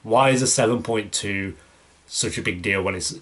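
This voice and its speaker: A man's voice: lowish voice, moderate pace, fairly bright tone. A young man, hosting a casual Q&A for his reaction channel, answering viewer questions in a loose, rambling way with many fillers and restarts. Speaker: YouTube reaction channel host.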